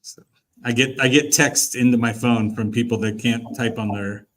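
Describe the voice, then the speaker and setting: A man hosting a sales show, chatting casually and agreeing readily, often trailing off softly. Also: mid-range voice, steady tone, normal speed. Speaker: show host. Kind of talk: casual chat.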